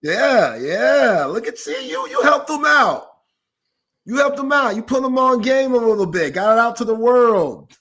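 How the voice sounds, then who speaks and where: Sports-talk co-host, male, high bright voice, slangy banterer. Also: sing-song, measured pace, slightly rough. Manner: loose slangy joking. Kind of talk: casual banter.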